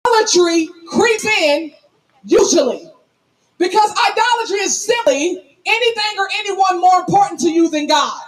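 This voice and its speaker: A woman pastor preaching a sermon loudly and emphatically, calling on the congregation to answer back, in a folksy storytelling manner. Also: very high voice, animated, moderate pace, poor audio. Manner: preaching loudly, emphatic, calls for audience responses; folksy, tells stories on herself.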